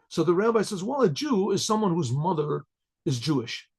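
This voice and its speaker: A rabbi teaching a class, telling a story with lively acted-out dialogue and frequent throat clearing. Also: male voice, high voice, normal speed.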